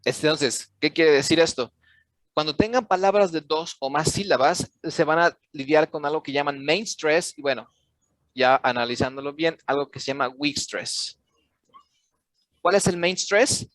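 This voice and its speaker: A man running an English class, speaking patiently and repeating his points as he quizzes his students. His voice sits a bit high for a man, and the sound is close and dry with no room to it. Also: moderate pace, fairly bright tone, no room sound. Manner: switches into Spanish to explain. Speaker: English teacher. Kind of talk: online class lesson.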